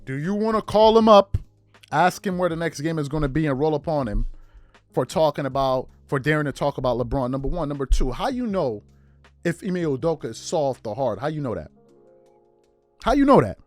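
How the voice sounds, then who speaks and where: A man's voice: on the high side, animated, a little fast, no room sound, faint music behind. A man hosting a podcast, riffing through incredulous rhetorical questions in casual commentary. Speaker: podcast host.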